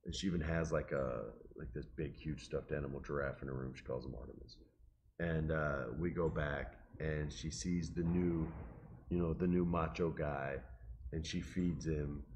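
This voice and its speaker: A middle-aged man casually telling an emotional, animated story and quoting the people in it. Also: extremely low pitch, normal speed, slight background noise. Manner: animated, emotional, quotes people in his stories.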